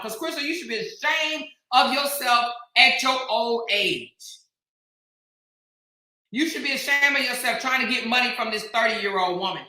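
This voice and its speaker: In an echoey room, an American woman with a slightly high, sharp voice hosts a casual commentary vlog. She's sassy and emphatic, talking directly to the people she's commenting on.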